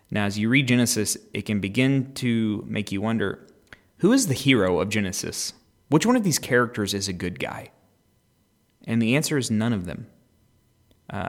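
A man hosting a daily scripture reading, reading aloud and then reflecting in a calm, conversational way. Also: on the low side. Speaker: podcast host reading scripture.

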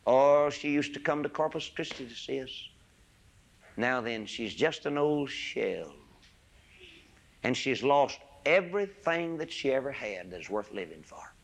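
A man's voice: mid-range voice, lively intonation, measured pace. Impassioned older preacher man. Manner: impassioned, swings from loud peaks to hushed asides. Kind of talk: sermon.

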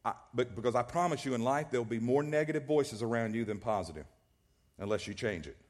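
A man's voice: mid-range voice, animated, quick pace. A male pastor preaching a sermon, emphatic and repetitive, often restarting his words. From American South.

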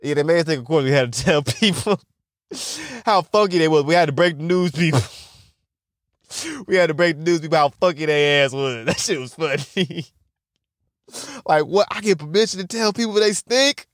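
Young man, podcast host, rambling comic monologue, profane, laughs often, slightly high voice, dry close sound. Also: moderate pace, pauses often, no echo. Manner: rambling, laughing at his own jokes, profane, acts out voices. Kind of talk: casual comedic monologue.

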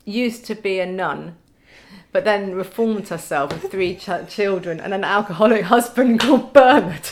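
A woman's voice: mid-range voice, normal speed, slight background noise. A middle-aged woman, a podcast guest telling stories in casual chat with wry humour and frequent laughter.

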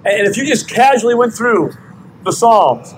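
An older man, a grandfather, preaching a sermon with slow, emphatic repeated questions. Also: high voice, expressive, noisy background. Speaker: pastor. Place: outdoor parking lot service.

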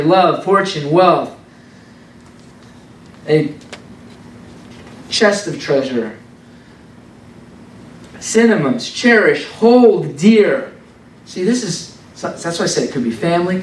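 A man preaching an informal, animated sermon in a conversational way, repeating words for emphasis. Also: high voice, distant mic. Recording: roomy sound from off the mic.

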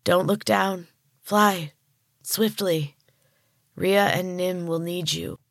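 A woman voicing a solemn young woman who is turning into a tree creature, speaking slowly in a breathy, weary voice. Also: deep voice, animated, darkish tone, no echo, clean studio sound, full character voice. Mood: urging.

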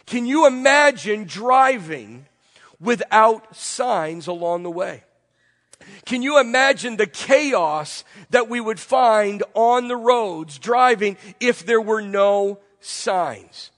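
A man delivers a sermon in a congested, fairly high voice, throwing rhetorical questions at his listeners and stacking repeated phrases. His words trail off into a long reverb. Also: animated, takes it slowly, fairly bright tone. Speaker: pastor. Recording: long reverb from a large room.

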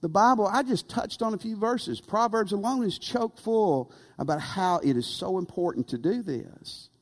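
Animated preacher in an echoing church. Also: male voice, high-pitched, moderate pace. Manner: animated, rhetorical, calls for amen. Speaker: pastor. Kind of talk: sermon. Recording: long reverb of a church hall.

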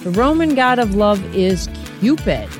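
A woman's voice: mid-range voice, big pitch swings, a little slow, music in the background. A woman hosting a casual quiz podcast, chatting straight to the listener. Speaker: podcast host.

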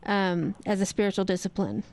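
A woman's voice: medium pitch, brisk, darkish tone, no room sound. A woman hosting a conversational interview, engaged and agreeable, asking follow-up questions. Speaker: podcast host.

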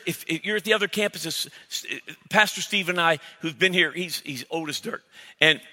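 A middle-aged male pastor preaches with a very bright, cutting voice that rings through a reverberant church hall. His delivery is blunt and emphatic, punching out lines and firing off mock arguments. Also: high-pitched, fairly quick. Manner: emphatic, blunt preaching with sudden loud mock-dialogue bursts. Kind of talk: sermon.

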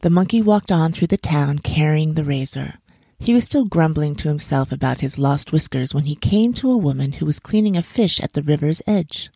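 A storyteller reads a children's folk tale aloud in storybook narration, measured and expressive. Her voice is low and gravelly, recorded close and dry with no room sound.

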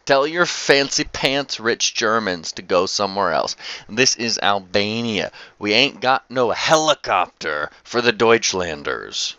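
A man's voice: lowish voice, animated, measured pace, pushed and bright, no echo, muffled recording, heavily acted. A man voicing a local police officer who scoffs at a request and waves it away. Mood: scoffing. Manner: scoffing, dismissive.

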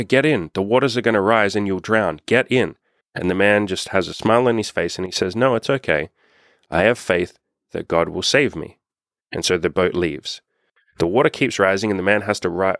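A young man coaching with earnest, emphatic energy and the odd casual swear. His voice sits very low, and the sound is dry and close with no room around it. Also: dry recording. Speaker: self-improvement coach. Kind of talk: casual motivational monologue.

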